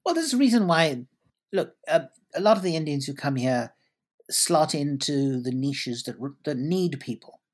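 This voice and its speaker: A man's voice: a little high, animated, normal speed. A man answering interview questions at length, articulate and elaborate, often restarting his sentences. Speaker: guest commentator.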